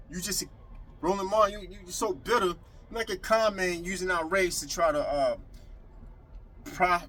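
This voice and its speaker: A man's voice: high voice, bright, forceful tone, rough recording. A man delivering a heated political rant to the camera, repeating himself and calling out his critics directly. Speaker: video commentator.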